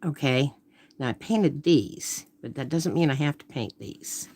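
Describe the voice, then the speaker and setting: A woman's voice: very deep voice, a little slow, warm tone. A woman artist chatting casually during a live painting stream, thinking aloud and trailing off into murmurs.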